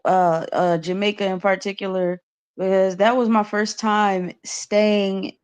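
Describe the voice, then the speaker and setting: A woman's voice: medium pitch, no echo. A woman speaking as a panelist in a casual livestream chat, earnest and full of fillers. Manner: conversational, with many fillers, earnest.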